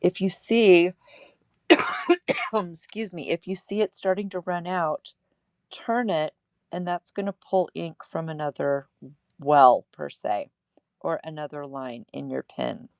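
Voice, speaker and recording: A woman's voice: low-pitched, a little slow, creaky, a little mellow, dry recording. A woman hosting a casual livestream craft demo at her table, chatty and laughing at herself.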